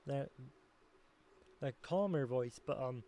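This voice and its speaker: Male streamer, casual and rambling, thinks aloud and critiques himself; mid pitch. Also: slow, warm tone. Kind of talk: casual chat.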